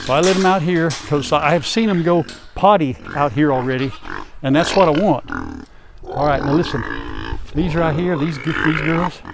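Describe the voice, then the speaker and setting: An older man with a drawl talks in a folksy, rambling way as he walks around his farm. His voice sits a little high for a man. A lapel mic picks him up clearly, with faint farm sounds in the background. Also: moderate pace, background noise. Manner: folksy, chatty, talks to animals and viewers. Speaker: farm vlogger. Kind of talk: casual farm vlog chat. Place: outdoors on a farm.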